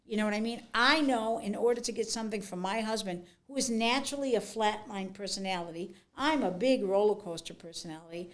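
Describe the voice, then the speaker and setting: A middle-aged woman author telling stories from her life in an interview, frank and animated, often acting out what people said. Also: medium pitch, a little fast, hardly any pauses. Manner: frank, animated storyteller, acts out quotes. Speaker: author and guest. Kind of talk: conversational interview.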